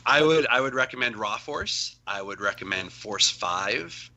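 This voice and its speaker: A man's voice: mid-range voice, lively intonation, unhurried, pushed and bright, poor audio. A man, a comic writer on as a guest, chatting casually and rambling with lots of fillers. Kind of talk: casual chat.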